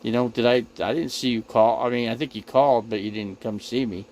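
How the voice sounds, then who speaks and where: A man streaming live from his RV, talking to his chat in a mid-pitched voice. He rambles, doubles back and repeats himself. He sounds defensive as he answers his viewers. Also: fairly even intonation, a little fast, a little mellow, slight background noise, rough recording. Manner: rambling, repetitive, defensive, addressing viewers directly. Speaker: RV living livestream host. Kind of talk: casual livestream talk to chat.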